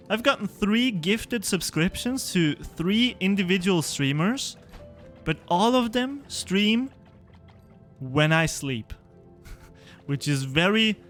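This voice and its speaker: Chatty young man, unhurried. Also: sits high, a bit bright. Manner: chatty, laughs often, answers chat. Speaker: streamer. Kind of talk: live game-stream commentary.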